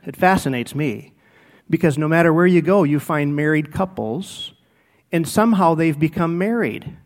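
A man's voice: on the high side, normal speed. A middle-aged male pastor preaching a sermon, telling personal stories and acting out what people said. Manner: animated storytelling, acts out quoted speech.

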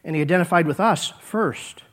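A man preaching a sermon, earnest and repetitive, swinging between emphatic lines and hushed ones. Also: a little high, a little fast. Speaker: pastor.

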